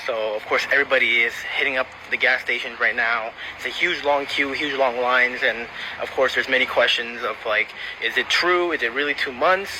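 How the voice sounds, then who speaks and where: Male vlogger, casual outdoor news update, clear traffic noise in background. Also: medium pitch, normal speed, hardly any pauses. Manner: casual, filler-laden update.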